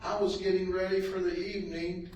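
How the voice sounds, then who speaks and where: A man's voice: sits high, little pitch movement, fairly quick, a little mellow, lo-fi sound, voice pushed up, close to an everyday voice. A man voicing a furious young bride, his voice raised as he quotes her indignant message. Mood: upset. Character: furious young bride, fed-up and sharp-tongued. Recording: echoey, distant, noisy room.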